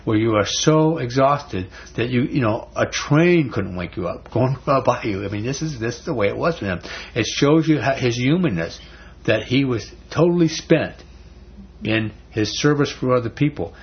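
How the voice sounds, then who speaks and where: A man's voice: mid-range voice, expressive, moderate pace. A man teaching a Bible study in a conversational, folksy way, often restarting words. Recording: dull lo-fi recording.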